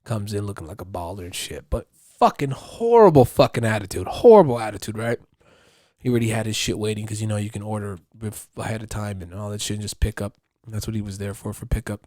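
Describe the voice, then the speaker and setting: A man's voice: fairly low pitch, quick pace, mellow, dry recording, clean studio sound. A man hosting a podcast, telling stories in a casual, profane, rambling monologue with frequent laughter. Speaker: podcast host.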